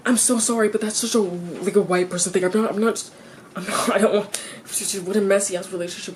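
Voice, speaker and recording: Speaking fairly quickly with a steady tone, a teen girl pours out her frustrations to the camera in a confessional vlog, against a noisy background. She swears freely, repeats herself, restarts sentences, and her pitch leaps up whenever exasperation hits.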